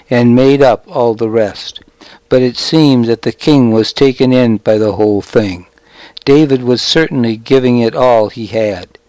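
A man narrating a novel in a measured, deliberate storytelling manner. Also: medium pitch, a little mellow, no room sound, rough recording. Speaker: audiobook narrator. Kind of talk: scripted narration.

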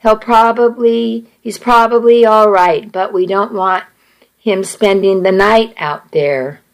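Calm, reassuring lawman in a storybook, read by a woman; slow and steady. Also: mid-range voice, poor audio. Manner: steady, soothing.

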